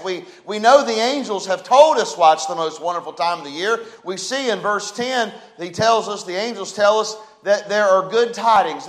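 Male pastor, high tenor voice, preaching with rising emphasis and call-and-response from the pulpit. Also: fairly bright tone, poor audio. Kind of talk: sermon. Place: church sanctuary.

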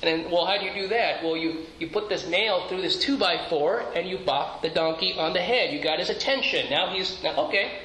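A man's voice: high-pitched, fairly quick, hardly any pauses, bright, forceful tone. A man pastor preaching a sermon in an earnest, conversational way, asking rhetorical questions and restarting his phrases. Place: church sanctuary. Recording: echoey church room, faint noise.

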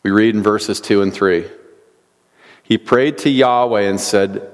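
A man's voice: fairly low pitch, unhurried. A man preaching an earnest sermon, reading scripture aloud and asking rhetorical questions. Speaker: pastor. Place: church sanctuary. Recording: long church hall reverb.

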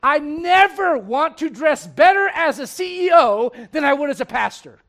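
A man preaching a sermon as pastor, moving from quiet conversational asides to shouted emphasis and laughing with his congregation. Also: very high-pitched, expressive, moderate pace.

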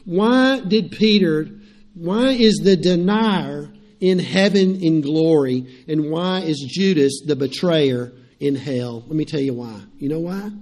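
A man, a pastor, preaching a sermon, swinging from loud emphatic lines to quiet storytelling. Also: a little high, a little slow.

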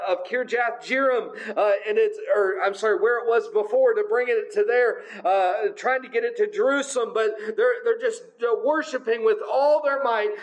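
A man's voice: high voice, lo-fi sound. A man preaching a sermon in a conversational way, with frequent filler sounds. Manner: conversational, many filler uhs.

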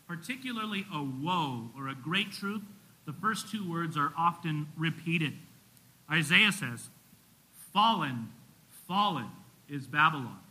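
A man preaching a sermon to a congregation, earnestly rising for emphasis and dropping low on solemn points. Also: pushed and bright, rough recording. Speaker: pastor.

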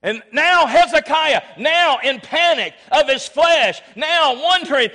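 Preacher guy, high bright voice, gets loud then drops low, asks for amens. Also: lively intonation, moderate pace, hardly any pauses. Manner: emphatic, swings from loud exhortation to low asides, calls for amens. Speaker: pastor. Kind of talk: sermon.

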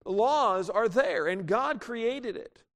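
A man with a high voice preaches a sermon, working through scripture and breaking into the voices of the people he quotes. His words ring out with a long hall reverb behind them. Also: slow. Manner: animated, acts out quoted voices.

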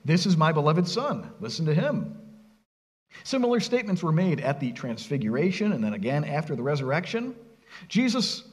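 Middle-aged pastor preaching, voice jumps all over, long church echo. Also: male voice, a little high, moderate pace. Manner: earnest preaching with lively emphasis and rhetorical questions. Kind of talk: sermon.

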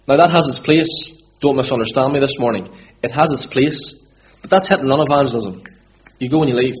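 A man's voice: mid-range voice, a little fast. A man from Northern Ireland with a Northern Irish accent, preaching a sermon and repeating his key words for emphasis.

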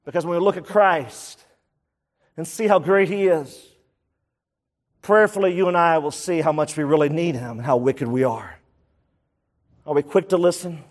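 High-voiced preaching man in a reverberant hall. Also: normal speed, long pauses. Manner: emphatic preaching with rhetorical questions and repetition. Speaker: pastor. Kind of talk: sermon.

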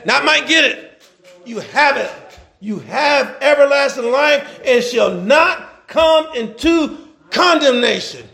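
A man's voice: extremely high pitch, animated, slow pace, gravelly, bright, forceful tone. A man preaching a sermon, fervent and calling out to the congregation, stretching out scripture readings and breaking into chuckling asides.

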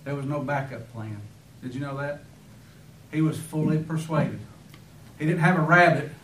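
A man's voice: a little high, moderate pace, pauses often. Guy preaching hard, lots of questions at the crowd, echoey hall, kinda far from the mic. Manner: fervent preaching, rhetorical questions, sudden emphatic bursts. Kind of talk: sermon.

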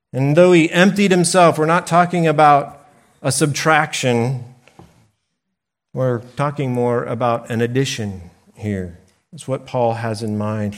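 A man preaching a sermon slowly and deliberately, pausing for emphasis. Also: mid-range voice. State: briefly choked up. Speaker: pastor.

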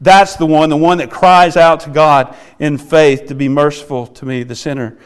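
A man preaching a sermon in an earnest way, often checking in with his listeners and rising in pitch and volume when he stresses a point. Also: fairly even intonation, moderate pace, clean tone. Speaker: pastor.

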